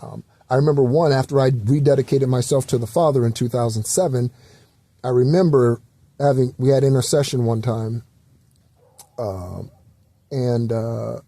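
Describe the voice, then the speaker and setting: A man's voice: mid-range voice, moderate pace, mellow, no room sound. A man hosting a spiritual talk channel, speaking in a loose, rambling way with many fillers and the occasional swear word.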